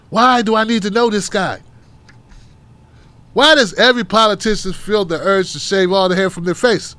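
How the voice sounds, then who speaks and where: In a dry recording with no room sound, a man with an extremely high, fairly bright voice and a Southern accent from Tennessee hosts a political talk show. His casual livestream commentary is blunt, profane, and mocking, delivered in fired-up rants full of rhetorical questions.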